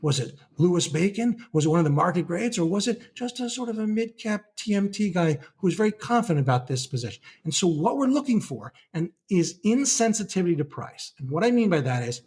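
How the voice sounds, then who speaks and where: A middle-aged man who is a guest market analyst on a casual podcast interview. He explains things as an animated storyteller and acts out trading-desk dialogue. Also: sits high, brisk, few pauses, husky.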